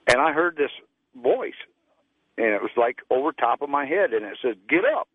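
A man's voice: mid-range voice, lively intonation, normal speed, dry recording. A male caller, telling a personal story in a plain, folksy way. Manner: plain folksy storytelling, acts out quoted voices. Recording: tinny phone line.

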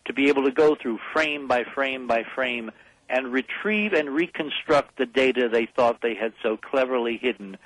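A man's voice: medium pitch, moderate pace, fairly bright tone, no echo, rough recording. A man speaking as a radio talk show guest, pressing his case with firm emphasis. His voice sits in an ordinary middle range, and the sound is dry with no room around it. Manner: emphatic, persuasive, rallying listeners.

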